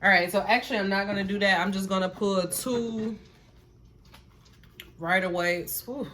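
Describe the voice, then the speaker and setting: A woman's voice: mid-range voice, fairly even intonation, normal speed, fairly bright tone, a little hiss or hum. Emphatic woman doing a tarot reading. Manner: emphatic and repetitive, swearing freely; earnest, preacher-like encouragement. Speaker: tarot reader. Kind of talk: casual spiritual tarot reading.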